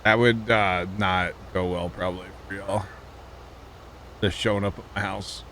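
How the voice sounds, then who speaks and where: A man with a low, steady voice streams a farming game, unhurried, his tone bright and forceful. He chats casually in a joking, wry way and talks to his chat, with slight background noise.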